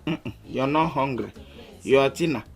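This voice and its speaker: A man's voice: mid-range voice, unhurried, natural voice. An actor with a Nigerian Pidgin accent playing a nervous, hesitant young man hiding his girlfriend. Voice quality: hesitant, timid. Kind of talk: film comedy acting. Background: film score music.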